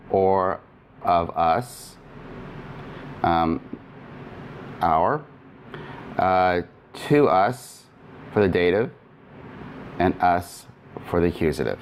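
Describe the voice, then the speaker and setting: Man, low voice, methodical lecture, fillers and restarts, faint background hiss. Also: lively intonation, extremely slow, long pauses. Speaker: Greek grammar teacher. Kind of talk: recorded lecture.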